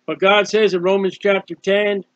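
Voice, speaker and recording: High-voiced earnest man preaching. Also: flat delivery, normal speed, fairly bright tone, no echo, highs cut off. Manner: earnest, conversational preaching with repetitions. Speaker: street preacher. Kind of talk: informal sermon on a psalm.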